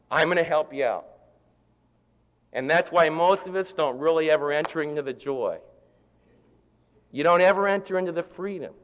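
A man preaching a sermon, impassioned, swinging from loud exclamations to hushed tones. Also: a little high. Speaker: pastor. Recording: long hall reverb.

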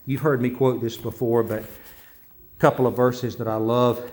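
A man preaching a sermon, moving from loud emphatic lines to quiet conversational asides and slow recitation of scripture and hymns. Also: medium pitch, flat delivery. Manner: recites scripture and hymn lyrics slowly. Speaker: pastor.

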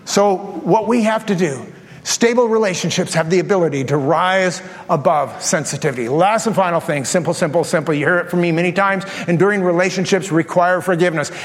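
A man preaching a sermon as pastor, telling a story with lively, acted-out asides to his congregation. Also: high voice, fairly quick. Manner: animated storytelling, acts out his own thoughts. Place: large church hall. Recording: long hall reverb.

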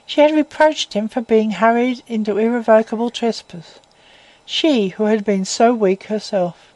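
A woman reading a classic novel aloud as narrator in a measured, even way. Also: on the high side, no room sound, low-quality recording.

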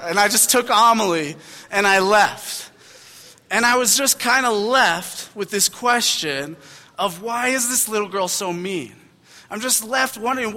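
A young adult man, a pastor, giving a sermon with animated storytelling and self-deprecating asides, in a large church hall. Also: sits high. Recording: hall reverb.

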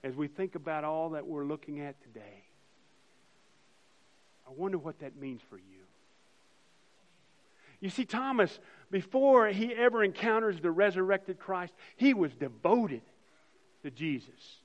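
A man preaching an Easter sermon as pastor, swinging from loud emphasis to soft, hushed lines. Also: sits high, lively intonation, unhurried, long pauses, big-room sound, lo-fi sound.

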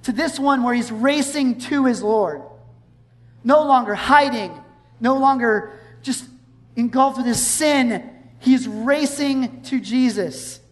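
A woman's voice: high voice, slow pace. Woman preaching in an echoing hall. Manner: conversational and animated, acting out scenes. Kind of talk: sermon. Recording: long hall reverb.

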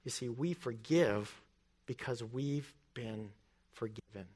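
A man's voice: mid-range voice, slow pace, a little mellow, husky. Man preaching a parable. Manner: storytelling, acts out quoted lines. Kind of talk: sermon.

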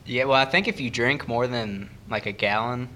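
A man's voice: medium pitch, moderate pace, sharp tone, slight background noise. A man co-hosting a casual podcast, laid-back and self-deprecating. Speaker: podcast co-host.

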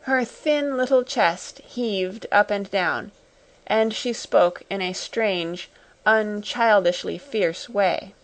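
A woman narrating a classic storybook audiobook in a measured, even manner. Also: mid-range voice.

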